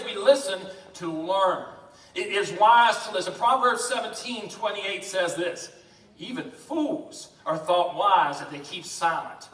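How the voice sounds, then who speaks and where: A man preaching a lively, joking sermon in a church, talking fast and addressing the congregation. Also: sits high. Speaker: pastor. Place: church sanctuary. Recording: echoey church from a distance.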